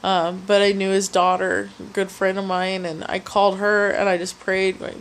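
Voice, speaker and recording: Young woman, testimony speaker; halting, emotional delivery with frequent restarts. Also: medium pitch, flat delivery, slight background noise. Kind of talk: personal testimony.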